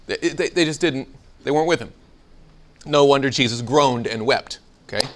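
A man's voice: a little high, brisk. A man teaching a Bible seminar to a live audience, asking questions and acting out the quoted lines. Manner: animated, asks the room questions, acts out quoted lines.

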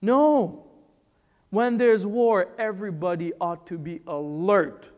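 A man from the Republic of the Congo preaches with slow, deliberate emphasis and a high voice. He leans on rhetorical questions and dramatic pauses. His words ring through a church hall with a long reverb tail. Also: a little mellow. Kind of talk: sermon.

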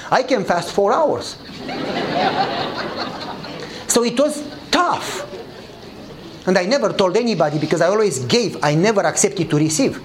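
The audio is low quality, with a bit of hiss or hum, as a man tells a sermon story in English. A pastor with non-native grammar, he acts out the dialogue animatedly, varying his pitch.

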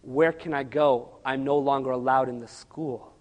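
A man voicing a sinister demon that speaks through a possessed woman, low and slow. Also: fairly even intonation, lightly acted. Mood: ominous. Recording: long hall reverb.

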